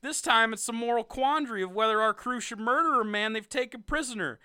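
A young man co-hosting a podcast, reviewing a ranked list of TV seasons in a sarcastic, animated way with frequent laughs. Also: very high voice, brisk, smooth, dry recording, studio quality. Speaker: podcast co-host. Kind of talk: casual ranking review chat.

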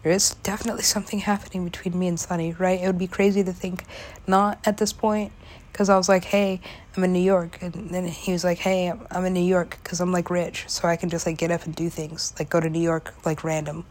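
Rambling young woman, low-ish voice. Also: little pitch movement, brisk, a little mellow. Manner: casual, lots of "like" fillers, swears, laughs often; drops into whispers at times. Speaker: vlogger. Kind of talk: rambling personal monologue.

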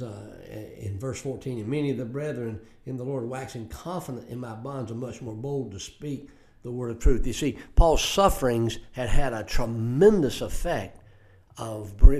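Older guy preaching, earnest, restarts words a lot, mid pitch. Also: darkish tone. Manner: earnest, repeats words when starting phrases. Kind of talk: radio Bible teaching.

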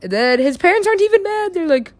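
A woman's voice: extremely high pitch, sing-song, fast, darkish tone, no room sound. A young woman chatting casually and rambling about stories she has written, laughing often and swearing freely. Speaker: writer describing her own stories.

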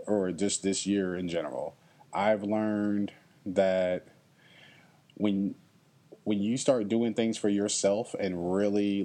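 A young man hosts a solo podcast, his voice low and dark as he speaks earnestly and reflectively to listeners. He often checks in with "okay?" and sometimes becomes emotional.

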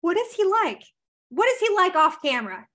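Woman host, high bright pitch, eager and casual, swears freely. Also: sing-song, normal speed. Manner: enthusiastic, casual cursing. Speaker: interviewer host. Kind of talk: casual interview chat.

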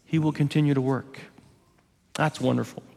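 A male pastor preaching an earnest, emphatic sermon, pausing on key words for weight. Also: fairly high pitch, fairly even intonation, gravelly, dark tone, husky, big-room sound.

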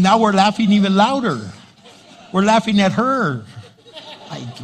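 A middle-aged man preaching a sermon as pastor, loud and animated, acting out little voices to make his points. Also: high voice, measured pace, a little hiss or hum.

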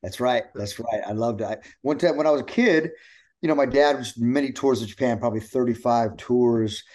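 A man's voice: medium pitch, a little fast. A middle-aged man, a pro wrestler guest, chatting casually and acting out the voices of people in his stories. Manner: animated storyteller acting out quotes. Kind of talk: casual chat.

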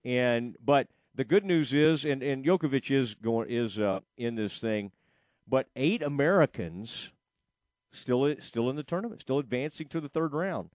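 A man's voice: medium pitch, expressive, measured pace, darkish tone, no echo, clean studio sound. A man hosting a casual sports talk show, rambling with frequent fillers and restarts. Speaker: sports radio host.

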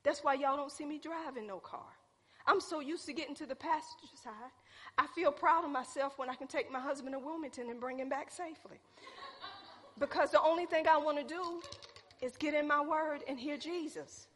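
Woman preacher, animated, high bright voice, long hall reverb. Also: moderate pace. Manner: animated, calls out to the congregation. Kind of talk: sermon with personal storytelling.

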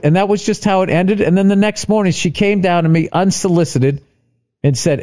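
Profane, storytelling middle-aged comedian. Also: male voice, high voice, fairly quick. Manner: profane, animated, acts out both sides of an argument. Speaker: stand-up comedian. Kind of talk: casual storytelling on a podcast.

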